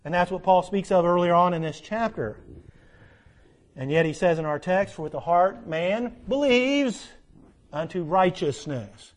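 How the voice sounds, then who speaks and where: A man preaching a sermon, quoting scripture in old-fashioned wording, swinging from loud emphatic peaks to low, quiet stretches. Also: expressive, measured pace.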